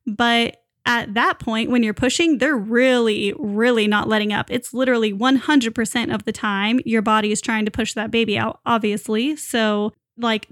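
A woman's voice: fairly high pitch, a bit bright, dry recording, clean studio sound. A young woman casually telling a personal story, chatty with lots of fillers and frequent laughs. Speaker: new mother telling her birth story.

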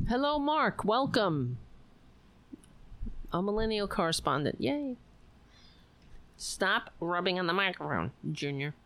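A woman's voice: mid-range voice, fairly bright tone. A woman hosting a livestream, ranting about politics on a close mic, profane and sarcastic. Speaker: livestream host. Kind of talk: casual political rant.

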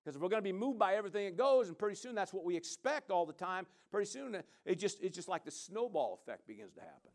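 A male pastor preaching a sermon, animated, with rambling, chatty asides to the congregation. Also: high-pitched, fast talker, hardly any pauses.

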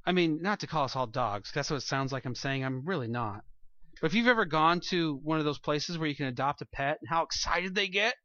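A man preaches a sermon to his congregation, his bright, slightly high voice earnest and climbing to emphatic peaks. The sound is close and dry, with a slightly dull, muffled tone. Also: a little fast, no echo. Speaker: pastor. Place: church room with a congregation.

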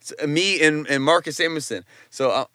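A man who is a chef chats as a guest in a casual interview. His voice is bright and close, and the room sounds dry and dead. He tells stories loosely, with plenty of slang and profanity. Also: fairly high pitch, normal speed, smooth, no room sound.

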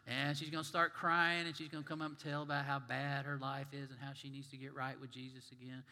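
A male minister preaches in a church sanctuary, with a forceful voice pitched slightly high. He talks conversationally and puts questions to the congregation. A long church reverb follows his words. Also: fairly even intonation, a little fast. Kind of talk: sermon.

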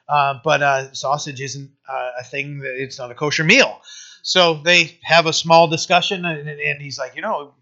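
Bright-voiced pastor telling a story. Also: male voice, a little high. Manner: halting, many fillers and restarts, grows emphatic. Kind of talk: sermon with storytelling. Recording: dull lo-fi sermon recording.

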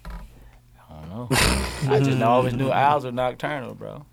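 A man's voice: mid-range voice, unhurried, vocal fry. A man co-hosting a podcast, blunt and offhand in a rowdy group chat. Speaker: podcast co-host.

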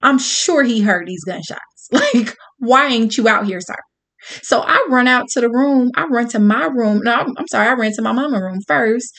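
A woman telling a personal story to an audience in a candid, profane, animated way. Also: fairly high pitch, moderate pace, hardly any pauses.

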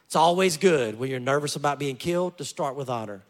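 A man preaching a sermon as pastor, telling stories with lively joking asides. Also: medium pitch, fairly quick.

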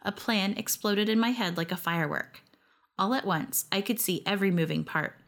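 Narrator: woman, first-person audio story, wry lively delivery. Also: mid-range voice, moderate pace, vocal fry.

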